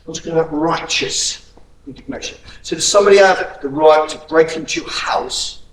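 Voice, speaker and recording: A man's voice: fairly high pitch, moderate pace, fairly bright tone, recorded from a distance. A man teaching a hands-on self-defence class, blunt and profane, barking drill commands between explanations. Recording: echoey room, voice from afar.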